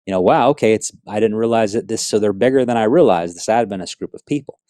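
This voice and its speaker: A man from South Florida telling his personal faith testimony in an earnest, animated storytelling way, full of asides. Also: on the low side, quick pace, dry recording, clean studio sound. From South Florida, USA. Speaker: speaker giving a personal testimony.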